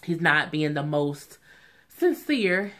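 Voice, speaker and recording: With big pitch swings, a slow pace, and a fairly bright tone, a vlogger gives a casual, opinionated reality show recap. They keep saying "you know what I'm saying" and imitate quotes in a high, mocking voice.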